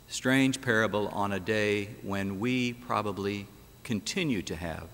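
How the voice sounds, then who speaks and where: A pastor's voice sits on the low side with a fairly bright tone, and the recording carries a little hiss or hum. Preaching in an echoing church sanctuary, he dramatizes the story and asks rhetorical questions.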